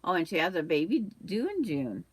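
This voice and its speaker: Older woman with the hiccups, a lowish voice, chatting casually as a sewing livestream host. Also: big pitch swings, brisk, breathy edge, no echo. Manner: chatty, reads out viewer comments, hiccups.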